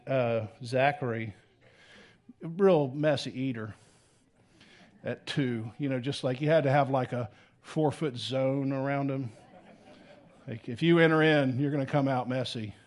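Animated male pastor preaching. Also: medium pitch. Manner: animated, swings between loud emphasis and soft intimate tones. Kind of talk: sermon.

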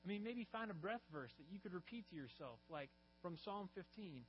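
A man delivers a sermon, his voice sitting a little higher than most men's. He tells stories earnestly and lifts his voice on the key lines. The recording is slightly muffled, with a faint electrical hum underneath. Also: lively intonation, brisk, hardly any pauses. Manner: earnest storytelling preacher, rising emphasis on key lines. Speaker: pastor.

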